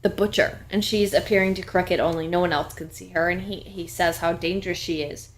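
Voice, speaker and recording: A woman's voice: fairly low pitch, steady tone, slight background noise. A woman co-hosting a podcast, recapping a TV episode in casual, jokey chat. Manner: chatty, jokey, quick asides. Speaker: podcast co-host.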